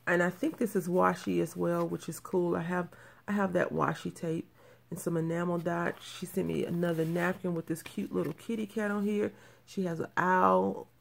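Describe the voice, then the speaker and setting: A woman's voice: lowish voice, level tone, normal speed, gravelly. A woman in her thirties showing off crafting mail in a casual show-and-tell, gushing and repeating her praise. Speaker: crafting channel host.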